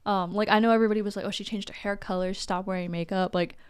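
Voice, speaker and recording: Smooth-voiced young woman, chatty guest. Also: mid-range voice, fairly even intonation, rapid-fire. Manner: chatty, laughs often, filler-heavy. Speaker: podcast guest. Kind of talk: casual interview talk.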